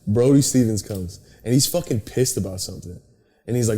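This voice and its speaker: A young man hosting a podcast, telling animated stories in casual chat, swearing often and acting out quotes. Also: lowish voice, brisk. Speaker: podcast host.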